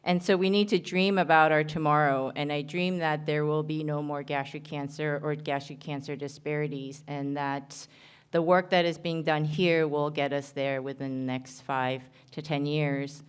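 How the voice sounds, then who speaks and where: Low-voiced woman surgeon, earnest and halting. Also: fairly even intonation, clear, resonant tone. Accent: American, New Jersey. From Korea. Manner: earnest, halting with frequent ums and restarts. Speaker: surgeon giving a conference talk. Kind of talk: conference presentation.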